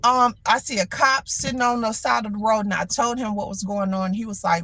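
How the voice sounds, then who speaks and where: A middle-aged woman hosting a livestream, telling a story in an animated, exasperated way with lots of repetition. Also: a little high, brisk, few pauses, dry recording. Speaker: livestream host. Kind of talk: casual venting monologue.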